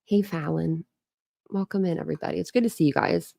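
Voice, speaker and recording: Chatty, gravelly-voiced woman from Ohio. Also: deep voice, fairly quick, mellow, no room sound, clean studio sound. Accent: Ohio with Philadelphia family influence. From Ohio, USA. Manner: rambling, chatty, greets viewers, frequent laughs and fillers. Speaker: host of a live stream commentary channel. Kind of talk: casual live-stream chat.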